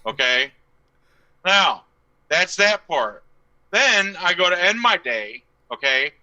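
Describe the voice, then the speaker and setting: A man's voice: high voice, big pitch swings, takes it slowly, pushed and bright, highs cut off. A young man co-hosting a casual live stream, telling profane, ranting stories about his workday. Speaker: co-host.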